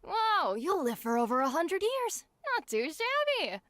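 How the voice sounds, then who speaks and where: A woman voicing Miss Arisugawa, a gentle and wise older female performer, in a comforting, theatrical manner during a tabletop role-play. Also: very high-pitched, very animated, a little slow, no echo, heavily acted. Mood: consoling.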